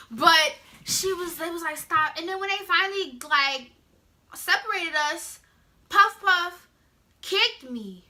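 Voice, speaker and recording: A teenage girl telling a story in a casual, animated way, acting out the scenes with sound effects. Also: extremely high pitch, a little slow, a little hiss or hum. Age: teens. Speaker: vlogger.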